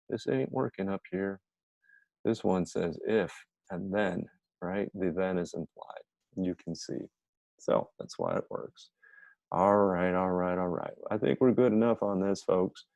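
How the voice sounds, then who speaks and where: A man teaching a casual grammar lesson, talking in a chatty, energetic way and thinking aloud as he goes. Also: low-pitched, unhurried, gravelly, dry recording, poor audio.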